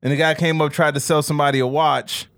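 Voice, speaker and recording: A man co-hosting a casual podcast, relaxed and riffing with casual swearing. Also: on the high side, fast talker, no room sound, clean studio sound. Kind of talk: casual chat.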